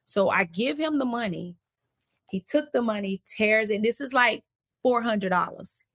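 A woman, an interview guest, recounting a personal story in a casual, animated way and acting out the voices of the people in it. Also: on the high side, normal speed. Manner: animated, acts out quoted voices while recounting events; casual, conversational phrasing.

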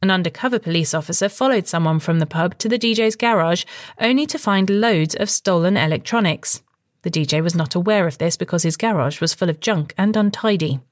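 Female reader, steady and plain delivery of a listener's letter, dry close sound. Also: fairly low pitch, a little fast, no echo. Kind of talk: reading a listener message.

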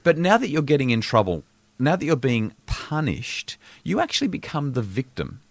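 A man's voice: mid-range voice, normal speed, creaky, dry recording. A middle-aged Australian man, a parenting expert, chatting on a podcast and acting out stories with laughter. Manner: animated storyteller, acts out scenes and laughs. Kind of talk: casual podcast chat.

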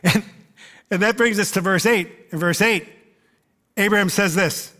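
A man preaching a sermon to his congregation in a relaxed, conversational way, with frequent "uh" fillers and asides to the listeners. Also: high-pitched, measured pace, pauses often. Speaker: pastor. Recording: long reverb of a large hall.

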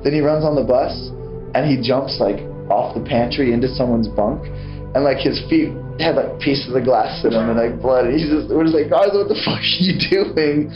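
A man, a band vocalist, telling stories casually in an interview with relaxed slang and a ready laugh. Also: medium pitch, normal speed. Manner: laid-back, slangy, laughing as he tells stories. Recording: archival interview, roomy and dull with music.

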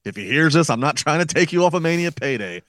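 A man's voice: on the high side, expressive, fast talker, fairly bright tone, no echo, studio quality. A man co-hosting a wrestling podcast, thinking aloud in casual chat with frequent restarts. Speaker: podcast co-host.

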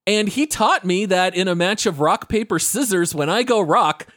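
A man's voice: high-pitched, lively intonation, moderate pace, fairly bright tone, no room sound, studio quality. A man hosting a gaming podcast in casual chat, upbeat and joking as he introduces his co-hosts. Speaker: podcast host.

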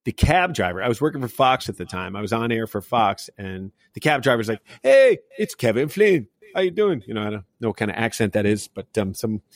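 A man's voice: fairly low pitch, quick pace, hardly any pauses, dry recording. A middle-aged man hosting a casual sports talk show, telling rambling stories full of fillers. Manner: rambling storyteller, many fillers. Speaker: podcast host. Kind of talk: casual chat.

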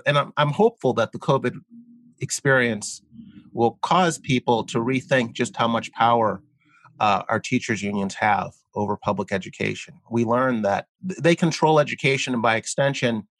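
A man speaking as a guest in an interview, explaining his views earnestly while halting often with fillers and repeated words. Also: mid-range voice, fairly bright tone, no room sound. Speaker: guest columnist. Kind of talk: conversational interview.

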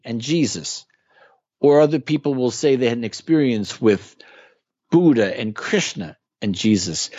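A man's voice: on the high side, darkish tone, breathy edge, no echo, dull audio. A man talking as a guest in a casual interview, explaining with earnest emphasis. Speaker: guest musician.

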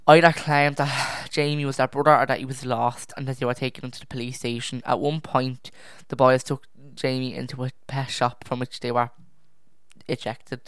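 Young true crime podcast host, casual and easily distracted, clear voice, dry home mic. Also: medium pitch, no echo. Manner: rambling, self-correcting, easily distracted; sighs and drops to a near whisper at times. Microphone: own podcast microphone.

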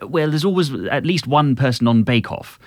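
A man's voice: medium pitch, expressive, normal speed, no room sound. A man co-hosting a comedic advice podcast, dry and polite in manner, often restarting his phrases. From United Kingdom. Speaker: podcast co-host.

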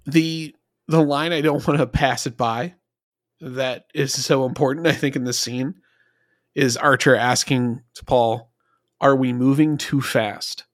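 A podcast co-host chats animatedly in a casual review, swearing and slipping into mocking impressions. His medium-pitched voice is unhurried with fairly even intonation. The recording is dry and clean, studio quality.

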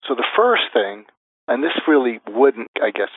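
A man's voice: mid-range voice, sing-song, moderate pace, breathy edge, no room sound. A man talks through a method one step at a time, stopping to act out the phrases he would use. His voice comes through a narrow, phone-like line. The sound is dry, with no room around it. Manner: methodical, lists numbered steps, acts out example phrases. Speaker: guest expert. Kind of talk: interview answers, explaining step by step.

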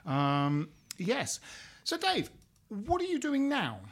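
A man's voice: high-pitched, wildly swooping pitch, slow, creaky, a bit bright. A man, hosting a casual podcast chat, rambling and jokey and often correcting himself. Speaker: podcast host.

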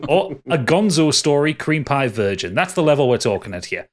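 On the high side and very animated, this man's voice moves a little fast as he co-hosts a casual podcast. He recaps a bad film in a sweary, exasperated way, with frequent restarts.

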